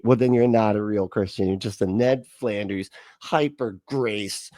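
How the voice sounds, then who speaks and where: A man's voice: on the low side, moderate pace, dry recording. Sarcastic laughing man reacting to a clip. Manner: sarcastic, laughing, animated mimicry. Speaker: reaction video host. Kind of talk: mocking commentary on a clip.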